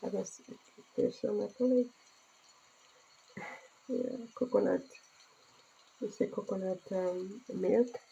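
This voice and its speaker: Middle-aged woman from Tanzania, earnest casual vlog to phone, mellow husky tone. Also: medium pitch, takes it slowly, pauses often, dull audio. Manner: earnest, speaking broken English with laughter. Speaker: vlogger.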